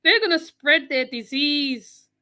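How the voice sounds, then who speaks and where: A woman's voice: sits high, slow pace, sharp tone. A woman with a West Indian accent giving mocking reaction commentary, scolding and repeating her phrases for emphasis. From West Indies. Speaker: channel host.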